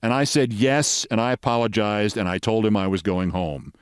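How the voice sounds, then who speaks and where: A man in his sixties hosting a show, telling a personal story with vivid detail and dramatic pauses. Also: fairly low pitch, clear, resonant tone, no echo, clean studio sound. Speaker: host.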